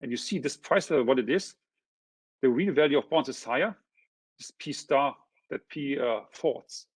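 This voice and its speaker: Husky-voiced man lecturing on graphs. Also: medium pitch, lively intonation, normal speed, no room sound. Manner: checks in with frequent tag questions; points through a figure step by step. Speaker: economist presenting a seminar. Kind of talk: academic lecture explaining graphs.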